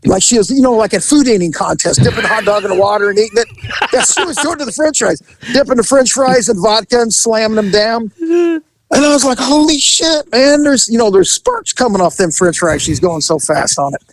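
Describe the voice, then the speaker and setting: High-voiced, gravelly man telling a wild story. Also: a little fast, no room sound, poor audio. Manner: animated storyteller, acts out voices, laughs often. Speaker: podcast host telling a story. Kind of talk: casual storytelling.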